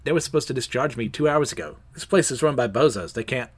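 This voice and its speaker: A man's voice: mid-range voice, expressive, quick pace, breathy edge, no echo. A man reading aloud a comic, voicing an indignant older woman hospital patient who complains about being kept in.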